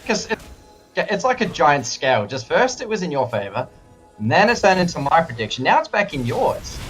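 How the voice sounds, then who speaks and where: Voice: mid-range voice, moderate pace, husky, soft background music. An Australian esports co-caster giving chatty color commentary, full of fillers, with the hiccups. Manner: chatty, many "like" fillers, animated.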